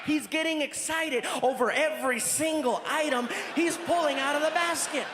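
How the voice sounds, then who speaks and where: A man doing animated, theatrical stand-up storytelling on a live stage in a large hall. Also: very high-pitched, normal speed, very noisy. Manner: animated, theatrical, lots of voices. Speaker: stand-up comedian. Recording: live hall with loud audience laughter.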